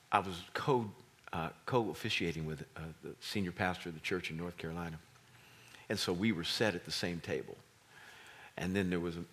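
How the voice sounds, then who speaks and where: A male pastor preaching a sermon, telling a personal story and moving between hushed whispers and loud, excited exclamations. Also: deep voice.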